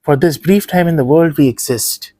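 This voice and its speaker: A man reading a literary ghost story aloud in a measured, hushed way. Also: fairly high pitch, no echo. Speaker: podcast host and story reader.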